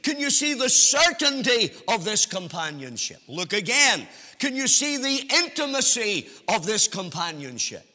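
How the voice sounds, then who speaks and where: A man preaching a sermon in a measured, emphatic way, with sing-song rises and drawn-out phrases. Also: sits high, sing-song, sharp tone, big-room sound.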